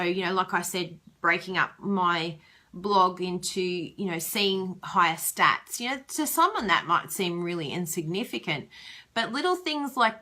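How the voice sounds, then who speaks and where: A woman's voice: on the low side, sharp tone. A young woman giving casual business advice in a chatty vlog, laughing often and acting out little quotes. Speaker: direct sales vlogger.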